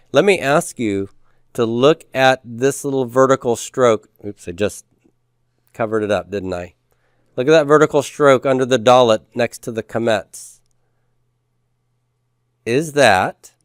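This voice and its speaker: A male teacher talking a class through Hebrew grammar, patient and plain, with the odd dry joke. His voice is smooth and resonant. The sound is dry and close, with no room echo. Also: medium pitch, animated, slow, long pauses. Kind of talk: classroom lecture.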